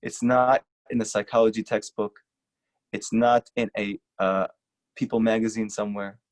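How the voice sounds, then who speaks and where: A rabbi giving an earnest, emphatic lecture and repeating short lines for stress. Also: male voice, fairly low pitch, steady tone, normal speed. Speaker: rabbi teaching a class. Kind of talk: earnest sermon-style lecture.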